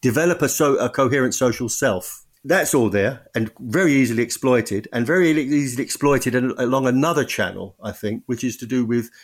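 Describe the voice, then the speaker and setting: A man speaks as a guest author in a long-form interview. His pitch sits in a plain middle range. He talks in a halting, reflective way, breaking off and restarting his sentences as he works through his ideas. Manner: thoughtful, halting, frequent restarts. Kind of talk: podcast interview.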